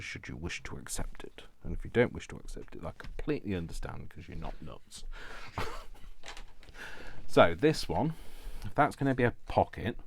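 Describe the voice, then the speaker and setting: A man's voice: low-pitched, vocal fry, fairly bright tone, slight background noise. A man chatting casually while he crafts at home, rambling and self-deprecating and laughing often. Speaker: crafting YouTuber.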